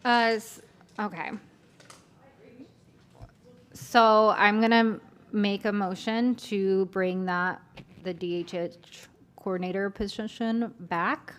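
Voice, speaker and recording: A woman's voice: medium pitch, steady tone, slow pace, long pauses. A woman school board member asking direct questions and making a motion during a meeting.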